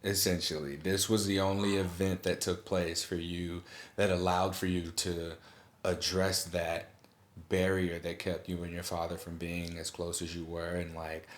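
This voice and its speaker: A male podcast host speaking slowly and reflectively, summarizing what his guest said. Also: deep voice, little pitch movement, roomy sound. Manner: slow, measured summarizing. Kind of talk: reflective conversation.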